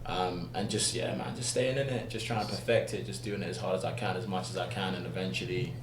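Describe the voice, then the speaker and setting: Deep guy, chill, explains stuff with lots of ums, echoey room, humming noise. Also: quick pace. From United Kingdom. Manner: calm, explanatory, lots of fillers. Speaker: actor guest. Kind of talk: relaxed interview talk. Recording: echoey room with background hum.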